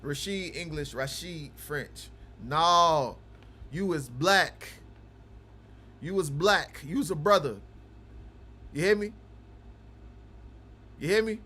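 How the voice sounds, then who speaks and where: A man hosting a livestream, chatting casually with viewers and teasing them, going from low mumbling to loud ranting. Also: takes it slowly, pauses often. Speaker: livestream host of a game broadcast.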